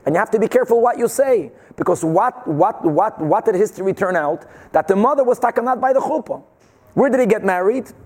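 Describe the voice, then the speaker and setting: Man teaching Talmud, high-pitched voice, animated, asks rhetorical questions, drops Hebrew and Yiddish terms. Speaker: Torah teacher. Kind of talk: Talmud class, explaining Gemara.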